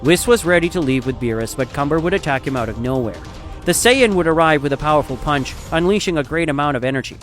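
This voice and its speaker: A man narrating a fan story in a steady, dramatic storytelling style. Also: a little high, fast, soft background music.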